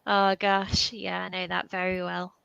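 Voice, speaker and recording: A woman hosting a casual video chat, quick to agree, gasp and laugh. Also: fairly low pitch, completely flat delivery, creaky, clean tone, muffled recording. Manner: warm agreeing reactions, gasps and laughs. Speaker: host.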